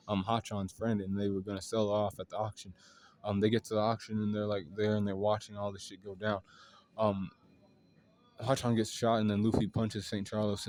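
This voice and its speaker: A man's voice: fairly low pitch, a little mellow. A man casually retelling a long story in a loose, rambling way, with lots of fillers and swearing. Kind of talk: casual anime recap.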